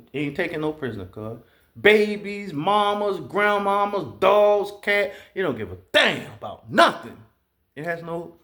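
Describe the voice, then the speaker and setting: A man holds forth in a loose, rambling monologue, cursing freely as he tells his stories. His voice sits a little high for a man and swings widely up and down as he gets worked up. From Southeast Georgia, US. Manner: profane, blunt, animated storytelling. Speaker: vlogger.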